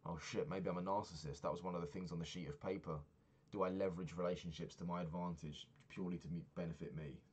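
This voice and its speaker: A man's voice: low-pitched, fairly even intonation, fast talker, a little hiss or hum. A man talking through his week in a casual diary vlog, rambling and swearing freely as he rants. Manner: rambling, profane ranting. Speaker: vlogger.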